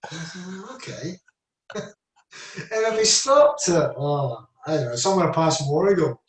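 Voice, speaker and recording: Brief: Scottish man in his 70s, fairly high voice, rambling yarn-spinner, recorded in an echoey room. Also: lively intonation, moderate pace. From Scotland. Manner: rambling anecdotes, lots of "I said" and "you know". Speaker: interview guest, former footballer. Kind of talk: casual storytelling. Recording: echoey room, mic at a distance.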